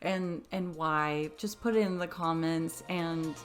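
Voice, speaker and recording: A woman's voice: low-pitched, slow, soft background music. Chatty, emotional young woman reacting. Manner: chatty, emotional, laughs often. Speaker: musical theatre coach reacting to videos. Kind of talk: casual reaction commentary.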